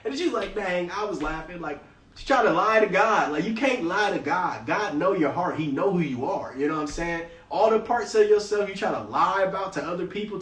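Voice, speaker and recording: A man with a high, slightly bright voice leads a Bible study, reading scripture aloud and then drifting into loose, slangy commentary. The recording sounds roomy, with him far from the mic.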